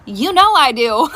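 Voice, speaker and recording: A woman, a mother, telling a funny storytime monologue, animated and laughing as she talks. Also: sits high.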